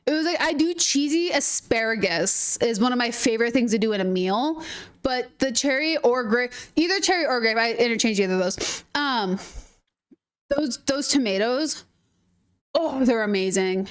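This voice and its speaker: A woman's voice: a little high, lively intonation, normal speed, smooth. A young woman from northern Minnesota with a light Minnesotan accent, chatting casually and giggling while she streams a game. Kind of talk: casual gaming stream chat.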